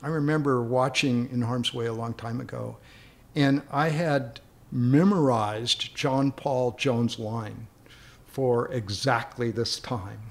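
A man's voice: medium pitch, fairly even intonation, takes it slowly, vocal fry. A man casually telling a long anecdote in a rambling way, often repeating words as he starts a thought. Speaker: guest storyteller.

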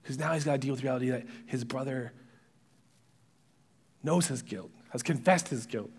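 A male pastor preaching a sermon, retelling a story dramatically and dropping to hushed whispers at its emotional moments. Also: medium pitch, normal speed, breathy edge.

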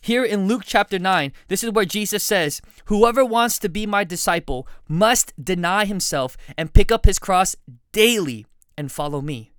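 A man's voice: high-pitched, animated, moderate pace, a bit bright, clean tone, dry recording. A man preaching a sermon, earnest and direct, putting questions to his listeners.

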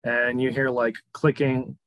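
A man's voice: medium pitch, flat delivery, a little slow, fairly bright tone, no room sound. A man running a tabletop game as game master over a video call, laid-back and laughing often. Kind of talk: narrating a tabletop game online.

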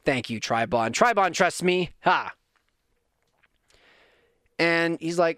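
A man in his thirties from Canada, telling a personal story to his viewers in a casual, animated, self-deprecating way. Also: fairly high pitch, measured pace, long pauses, no echo, studio quality.

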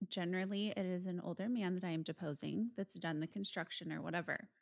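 A woman co-hosting a casual podcast, sharing lively anecdotes from her legal work. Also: on the low side, fast, gravelly. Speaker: podcast co-host, lawyer.

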